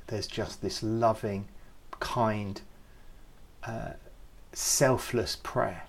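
A man who leads youth ministry, giving an earnest, reflective devotional talk with gentle emphasis. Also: lowish voice.

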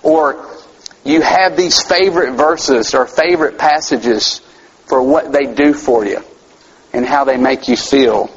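A man's voice: mid-range voice, slow pace, slightly rough, muffled recording. A man preaching a sermon as a campus minister, talking conversationally and asking his listeners rhetorical questions.

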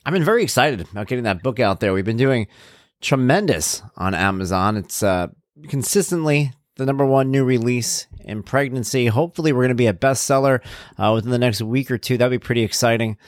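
A man's voice: medium pitch, animated, a little fast, no echo. Chatty male podcast host, dry close sound. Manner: chatty, upbeat, rambling asides. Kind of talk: casual chat.

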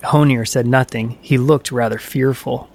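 A man reading a myth aloud as a storyteller, in an even, measured way. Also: mid-range voice, gravelly. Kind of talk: scripted narration of a myth.

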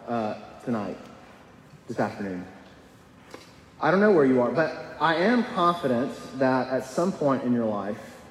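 Young man, pastor, sermon, earnest, conversational, filler words, echoey church hall, faint room noise. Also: medium pitch. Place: church sanctuary.

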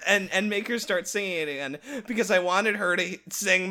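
A young man co-hosting a podcast in casual chat, animated, cursing often and laughing as he tells stories. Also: high-pitched, normal speed. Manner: animated, swearing, breaks into laughter. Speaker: podcast co-host.

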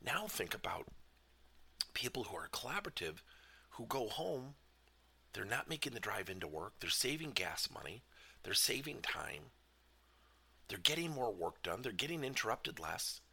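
A man giving a motivational business talk as a leadership coach, emphatic and animated, asking many questions. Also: lowish voice, normal speed, creaky, pauses often, slightly rough.

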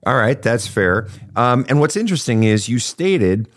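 A man's voice: medium pitch, big pitch swings, moderate pace. A man hosting a counseling podcast, talking emphatically and repeating himself as he thinks aloud. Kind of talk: conversational counseling talk.

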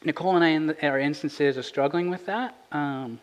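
A man's voice: fairly high pitch, fairly quick. Earnest man preaching in a reverberant hall. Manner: conversational, earnest, rises for emphasis. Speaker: pastor. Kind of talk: sermon. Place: church sanctuary.

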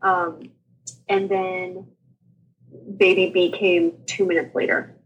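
A woman in her thirties, a guest on a talk show, telling her story in a casual, animated way, laughing often and acting out what people said. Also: fairly low pitch, takes it slowly, lo-fi sound, a little hiss or hum. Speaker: podcast guest sharing her birth story.

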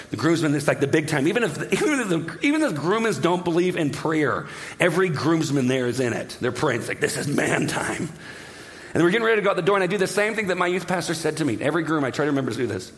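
Animated male pastor in an echoey hall. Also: on the high side, racing. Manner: animated, jokey storytelling that drops to a hushed prayer. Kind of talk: sermon.

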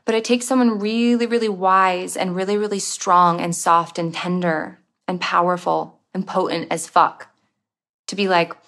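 A woman's voice: lowish voice, fairly even intonation, normal speed, few pauses, fairly bright tone. A woman hosting a spiritual self-help podcast, talking candidly with swearing and acting out the thoughts in people's heads. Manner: candid, profane, acts out inner voices. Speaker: podcast host.

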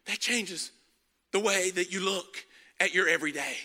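Emphatic preacher man, bright and echoing. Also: high voice, moderate pace. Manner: emphatic, urging the congregation to respond. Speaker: pastor. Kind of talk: sermon. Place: large hall with congregation. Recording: live hall reverb.

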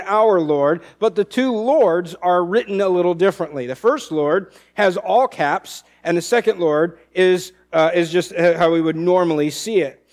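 A man preaching a verse-by-verse sermon, reading scripture aloud and explaining it with frequent restarts. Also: high voice. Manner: teaching, reads scripture aloud, many restarts. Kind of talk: expository sermon.

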